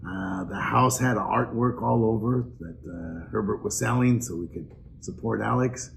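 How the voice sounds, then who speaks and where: An older man giving a personal, earnest introduction speech at an awards event, pausing with fillers as he reminisces. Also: mid-range voice, creaky, slight background noise. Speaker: award presenter.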